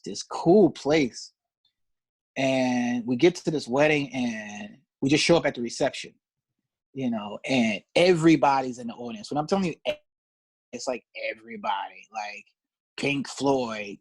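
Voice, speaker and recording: A man's voice: medium pitch, dry recording. A man, a guest musician, telling stories in a casual interview, laughing and acting out the voices of people he quotes. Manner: animated, laughing storyteller who acts out quoted voices. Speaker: guest musician, pedal steel player.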